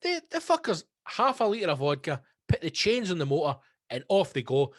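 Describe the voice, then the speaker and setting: A man's voice: fairly high pitch, normal speed, no echo. Ranting Scottish man, dry close sound. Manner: profane, ranting and excitable. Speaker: podcast host. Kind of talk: casual solo podcast monologue. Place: home recording space.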